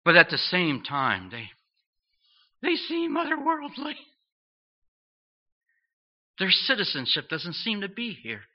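A man preaching a sermon in an earnest, questioning way, pausing between phrases. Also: sits high, wildly swooping pitch. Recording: dull lo-fi sound.

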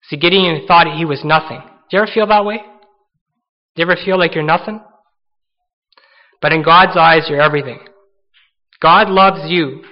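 An earnest preacher, a man with a high voice, delivers his sermon and slips into acted-out voices for the stories he tells. The recording is a little dull and lo-fi. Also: moderate pace, pauses often. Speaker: pastor.

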